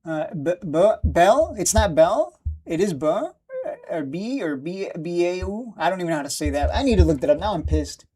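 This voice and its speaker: A man's voice: a little high, expressive, mellow. Rambling male stock streamer. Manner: rambling, quick to laugh and get annoyed. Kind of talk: casual live-stream chat.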